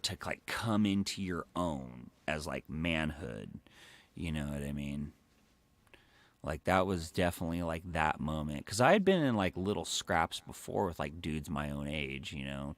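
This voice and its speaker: A man with a very low voice and a gravelly crackle talks through a story on his live stream. He rambles casually and swears constantly, with loose filler words throughout. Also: no room sound. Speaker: livestreamer.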